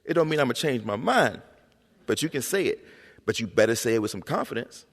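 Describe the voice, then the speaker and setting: A man voicing a firm, encouraging mother who insists her son speak up, repeating herself. He is recorded on a high school auditorium stage. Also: very animated, a little fast. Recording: long reverb in a school auditorium.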